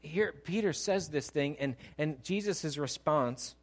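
A male pastor delivering a lively sermon in a fairly high voice. He acts out the story as he goes and shifts between loud bursts and soft, hushed lines. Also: measured pace. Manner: animated, acts out scenes, swings from loud to hushed.

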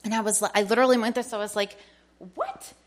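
A woman's voice: mid-range voice, fairly even intonation, very fast. A middle-aged woman telling a personal faith testimony to a congregation, eager and storytelling, acting out the dialogue she recounts. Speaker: church member sharing testimony.

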